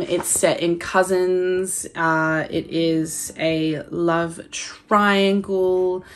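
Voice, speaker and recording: A young Australian woman chatting excitedly about her favourite books, gushing and swearing casually. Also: lowish voice. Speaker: book vlogger. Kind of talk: casual chat.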